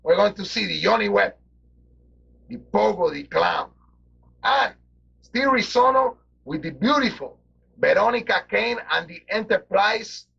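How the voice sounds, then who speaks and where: A man's voice: high voice, lively intonation, measured pace, creaky, sharp tone, breathy edge. A man doing wrestling color commentary, theatrical and grandiose in broken English. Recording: dull lo-fi TV broadcast audio.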